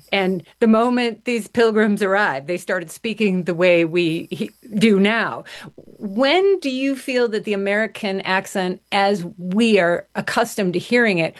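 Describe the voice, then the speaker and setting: A woman co-host chimes in with a lively, amused question, her voice pitched in the middle range. She sounds relaxed and conversational. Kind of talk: casual interview chat.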